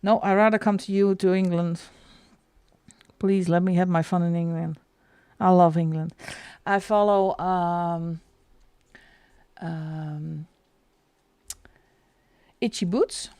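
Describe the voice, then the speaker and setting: A middle-aged woman chats casually on a coloring livestream, rambling from topic to topic. Her voice is gravelly and mellow, and she talks at an unhurried pace. The sound is dry and close. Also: fairly low pitch, fairly even intonation, no room sound. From Netherlands. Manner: chatty, rambling, answers chat, laughs often. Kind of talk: casual live-stream chat.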